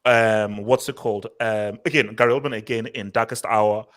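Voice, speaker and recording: A man's voice: on the low side, fairly even intonation, normal speed, fairly bright tone. Opinionated man hosting a film chat. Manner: opinionated, talks in long run-on thoughts. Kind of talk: casual film review chat.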